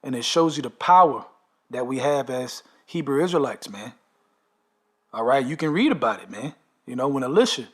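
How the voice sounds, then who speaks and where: A man telling a long story in a casual, emphatic way, often tagging his sentences with "man" and "okay". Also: fairly high pitch. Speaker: storyteller recounting a dream. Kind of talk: casual monologue.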